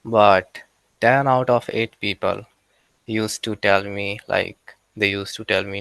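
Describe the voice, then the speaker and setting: Indian accent guy on a call, low gravelly voice, kinda halting, repeats himself. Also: level tone, fairly bright tone, dry recording, low-quality recording. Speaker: participant asking a question. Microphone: video call.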